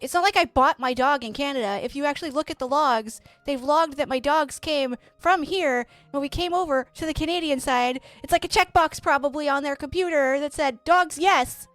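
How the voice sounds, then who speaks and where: High-voiced woman ranting profanely. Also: a little fast, hardly any pauses, no echo, soft background music. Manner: profane, animated ranting with quoted exchanges. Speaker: streamer playing a game. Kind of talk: casual storytelling while gaming.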